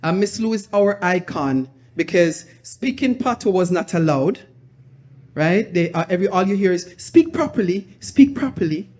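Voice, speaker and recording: A woman's voice: on the low side, normal speed. A woman with a Jamaican accent hosting a live storytelling night, telling anecdotes with laughter and slipping into patois. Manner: lively, laughing, switches into patois. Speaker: event host. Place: live event venue with audience.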